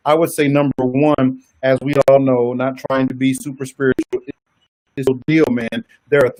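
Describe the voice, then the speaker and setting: A man's voice: medium pitch, a little mellow. A man with a Southern US accent, a married guest giving earnest, testimonial advice in a casual church talk. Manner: earnest, testimonial, laughs easily.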